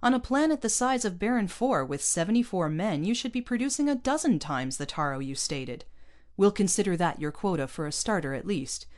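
Pompous captain, clipped and cold, slightly low, read by a woman. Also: fairly quick, hardly any pauses, darkish tone, lightly acted. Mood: lecturing. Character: stern arrogant male space captain, pompous.

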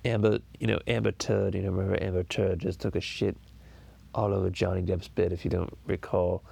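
A scheming, foul-mouthed cartoon baby boy, as a man puts him on for a comedy podcast. He rambles crudely with theatrical groans, in a voice rough with gravelly fry. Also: low voice, little pitch movement, brisk, a little mellow, dry recording, full character voice. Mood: groaning. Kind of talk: improvised comedy impression podcast.

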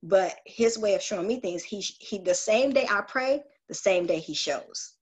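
A woman's voice: medium pitch, animated, moderate pace, slightly rough. A woman earnestly sharing a personal spiritual story on a group call, confessional and searching, with frequent restarts.

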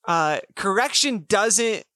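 A man's voice: sits high, animated, slow, bright, forceful tone, no room sound, studio quality. A man co-hosting a casual faith podcast, explaining points earnestly with everyday examples. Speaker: podcast co-host.

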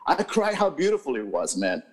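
Rambling, high-voiced casual male co-host. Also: wildly swooping pitch, brisk. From New York. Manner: rambling, many fillers and restarts, profane. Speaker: podcast co-host. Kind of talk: casual chat. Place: podcast studio.

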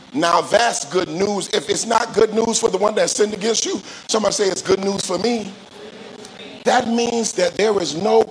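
A man preaching with a high, gravelly voice that swings into sing-song cadences. He keeps calling on the congregation to repeat after him and climbs into shouts. Faint noise sits under his voice. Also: poor audio. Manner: call-and-response preaching, rising to shouts. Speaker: pastor. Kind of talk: sermon.

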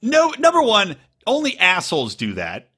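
Male podcast co-host, husky, animated and crude, bright tone. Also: moderate pace. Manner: animated, profane, mimics people in high voice. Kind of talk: casual chat.

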